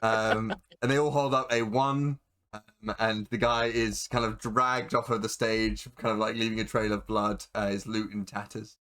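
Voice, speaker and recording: A man's voice: fairly low pitch, little pitch movement, moderate pace, a bit bright. Hesitant game master, man. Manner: hesitant, many fillers. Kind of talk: narrating a tabletop game.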